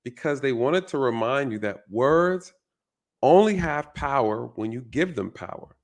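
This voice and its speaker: A man's voice: mid-range voice, expressive, unhurried. A male channel host giving a casual, reflective commentary monologue, often repeating his phrases and checking in with "right?".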